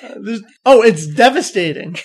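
A young man from New Jersey hosting a casual podcast, talking in an excitable, rambling, jokey way. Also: high-pitched, normal speed, crowd noise. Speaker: podcast host.

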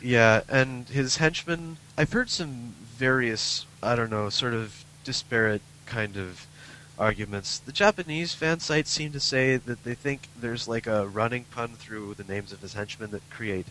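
A man's voice: mid-range voice, a little slow, sharp tone, a little hiss or hum, poor audio. A man co-hosting a podcast, explaining at length in casual chat, with frequent ums and uhs. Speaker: podcast co-host.

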